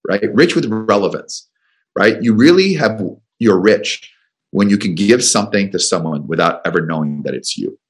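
A man's voice: on the low side, lively intonation, normal speed. A man guesting on a radio talk show as a business coach, telling a story in a rambling, chatty way with restarts. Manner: rambling, with restarts and acted-out dialogue. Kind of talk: conversational storytelling. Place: radio studio.

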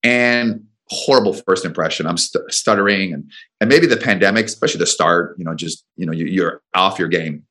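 A man's voice: low voice, brisk, pushed and bright. A man, a business coach and guest, telling a long personal story in an interview with frequent restarts and repeated words. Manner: rambling anecdotes with frequent restarts.

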